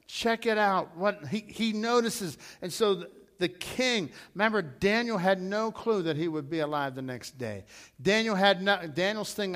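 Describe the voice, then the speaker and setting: A middle-aged male pastor preaching a storytelling sermon, repeating himself and swelling loud when he quotes scripture. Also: on the high side, normal speed.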